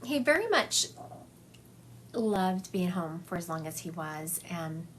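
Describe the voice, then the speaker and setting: Speaking slowly with a fairly low voice that swings widely in pitch, a female psychic medium hosts a chatty phone livestream. She passes along spirit messages and acts them out for viewers, with slight background noise audible.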